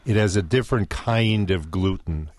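A man's voice: low voice, normal speed, darkish tone, no room sound. A man who teaches baking, a radio guest explaining recipes in a knowledgeable way with some hesitant restarts. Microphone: studio microphone.

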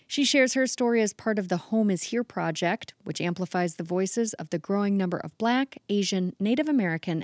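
A woman radio producer delivering a scripted narration in a measured, clear way. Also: mid-range voice, a little mellow, no echo, studio quality.

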